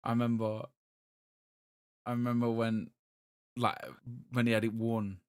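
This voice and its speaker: A man, co-hosting a podcast in casual, excitable chat full of swearing and restarts. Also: medium pitch, measured pace, clear, resonant tone, no echo, clean studio sound. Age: 30s. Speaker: podcast co-host.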